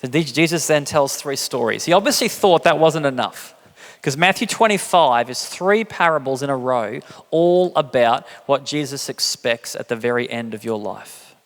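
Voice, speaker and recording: Chatty, jokey preacher in a church hall. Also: male voice, lively intonation, moderate pace. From England. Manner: conversational, jokey, acts out quotes with big pitch jumps. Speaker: pastor. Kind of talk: sermon.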